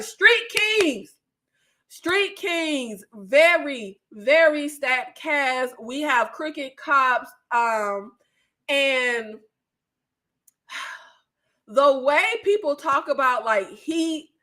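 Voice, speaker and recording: A woman's voice: sits high, bright, forceful tone. A young woman, casually chatting through movie recommendations with fillers and laughs. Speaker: movie review YouTuber.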